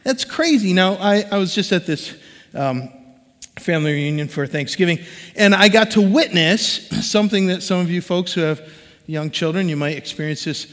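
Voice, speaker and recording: A man in his forties with a high voice, preaching a sermon as a pastor. He talks conversationally and animatedly, slipping into the voices of the people he quotes. His voice rings with the long reverb of a large church hall. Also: moderate pace, fairly bright tone.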